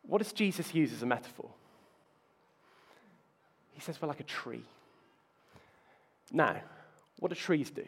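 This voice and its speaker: A man's voice: on the high side, expressive, a little slow, gravelly, pauses often, breathy edge. A man preaching a sermon, telling self-mocking stories with playful asides. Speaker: pastor.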